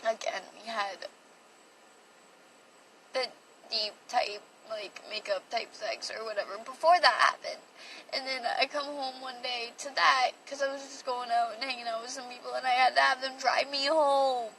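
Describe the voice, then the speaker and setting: Bright high-voiced young woman livestreaming. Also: fairly even intonation, moderate pace. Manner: rambling and emotional, heavy use of "like". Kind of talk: confessional storytelling on a livestream. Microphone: phone. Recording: distant from the mic, faint background noise.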